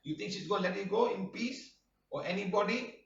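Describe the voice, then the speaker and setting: A man's voice: high voice, fairly quick, gravelly, a bit bright. A man teaching a healing workshop who scolds his students and fires off rhetorical questions, often prodding them with "huh?". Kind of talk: live online workshop talk. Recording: roomy, distant, dull-sounding mic.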